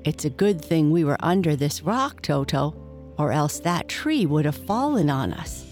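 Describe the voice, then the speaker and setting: A woman's voice: low-pitched, sing-song, a little slow, a little mellow, faint music behind. A woman voicing a friendly, curious male dog who asks lots of questions.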